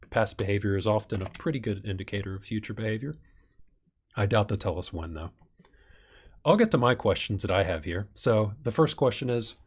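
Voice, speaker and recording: A man's voice: on the low side, husky. A man hosting a live stream Q&A, reading viewer questions and thinking aloud with some fillers. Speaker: channel host.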